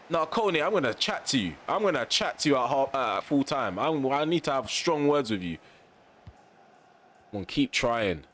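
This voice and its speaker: A young man commentating on his football video game, ranting at the referee, then calmly recapping for viewers. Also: mid-range voice, a little hiss or hum. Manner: exasperated ranting at the referee, shouting. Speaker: gaming YouTuber. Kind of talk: gameplay commentary.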